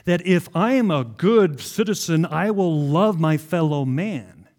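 A man preaching a sermon, asking the congregation questions and answering them himself, slowing down to stress key words. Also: a little high, lively intonation, a little mellow. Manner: asks the room questions, then answers them. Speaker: pastor.

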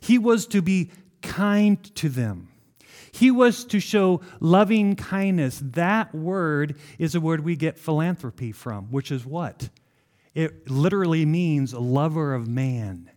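A man preaching a sermon, asking the congregation questions and answering them himself, slowing down to stress key words. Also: on the high side, animated, darkish tone. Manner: asks the room questions, then answers them. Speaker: pastor.

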